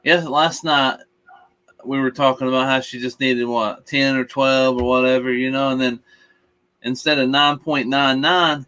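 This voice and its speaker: Brief: bright-toned male streamer, relaxed rambling co-host. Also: medium pitch, measured pace, smooth. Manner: easygoing, rambling. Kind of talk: casual live stream chat.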